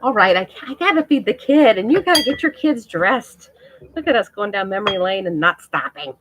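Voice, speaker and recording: A woman's voice: mid-range voice, lively intonation, a little fast, dull audio, noisy background. A middle-aged woman chatting casually and emotionally on a live stream to her viewers, laughing often.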